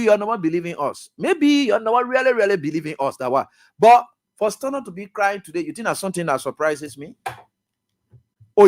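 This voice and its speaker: A man hosting a radio talk show, giving impassioned political commentary that swings from loud outbursts to low muttering. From Liberia. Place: radio studio.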